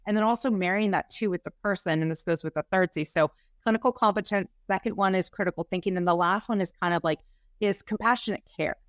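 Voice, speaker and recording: A woman practitioner speaking as an interview guest, excited and fired up, with frequent "like" fillers. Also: mid-range voice, fast talker, dry recording, studio quality. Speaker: guest health practitioner and educator. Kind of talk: casual interview talk.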